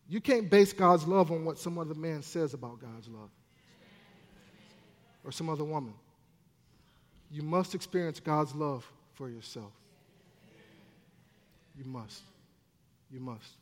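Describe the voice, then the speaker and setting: A man minister preaching a sermon in an animated, playful way, with asides to the congregation. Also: fairly high pitch, measured pace, pauses often. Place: church sanctuary. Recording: long church hall reverb.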